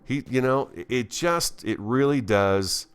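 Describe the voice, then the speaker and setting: Animated man chatting over gameplay. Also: medium pitch, measured pace, clear, resonant tone. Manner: animated, enthusiastic radio-style delivery with asides to viewers; chatty, talks to himself while playing. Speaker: Minecraft let's play host. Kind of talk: casual gameplay commentary.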